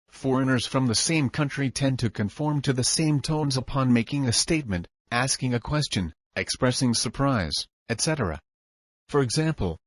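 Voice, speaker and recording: Male audiobook narrator, mid-pitched voice, steady instructive delivery, dry close-mic sound. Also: dry recording. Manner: even, instructive reading.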